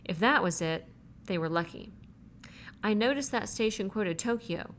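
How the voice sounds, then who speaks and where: A woman reading a novel aloud as an audiobook, in an even, measured way, voicing the characters' lines herself. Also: medium pitch, a little hiss or hum. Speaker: audiobook reader. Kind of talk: audiobook narration.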